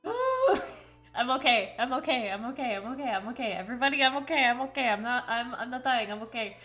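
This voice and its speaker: A woman's voice: fairly high pitch, quick pace, sharp tone. A young woman streamer reading a fan letter aloud on her live stream, often breaking into laughter and getting choked up. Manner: giggly, keeps breaking into laughter and choked-up emotion. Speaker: art streamer.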